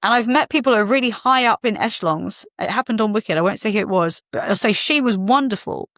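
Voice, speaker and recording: A woman's voice: medium pitch, fast, dry recording, studio quality. A middle-aged woman, an actor and filmmaker, chatting on a podcast and acting out the people in her stories. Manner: animated storytelling, acting out quoted voices. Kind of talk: casual podcast conversation.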